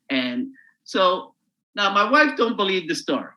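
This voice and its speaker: A man, a comedian, telling a crude, animated story while chatting as a podcast guest. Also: high-pitched, measured pace, poor audio.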